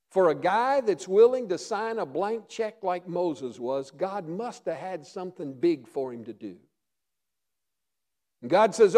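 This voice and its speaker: A high-voiced man preaches a sermon from the pulpit. He tells Bible stories and voices their dialogue himself, falling to a near whisper and then climbing back up with force. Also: expressive, a little slow. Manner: storytelling preacher acting out dialogue, swinging loud and soft. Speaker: pastor.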